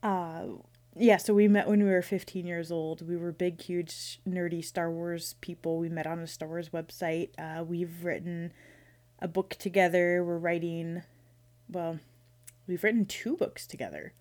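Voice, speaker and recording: A woman's voice: fairly low pitch, flat delivery, a little slow, a little mellow. A woman in her thirties hosting her own podcast, chatting casually and playfully, rambling with restarts. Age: 30s. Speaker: podcast host. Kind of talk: casual solo podcast chat.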